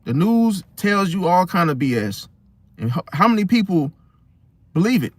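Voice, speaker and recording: A man hosting a casual astrology monologue, talking in an animated way and often asking his listeners "See?". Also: high-pitched, normal speed, no room sound. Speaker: host.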